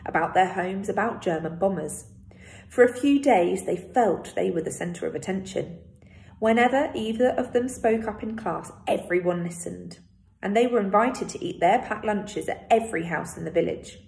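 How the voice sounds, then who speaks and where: A woman teacher reads a novel aloud for pupils following along at home. Her reading is steady and expressive, at a middling pitch for a woman. The recording carries a noticeable room echo. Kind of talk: read-aloud storytelling. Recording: roomy echo.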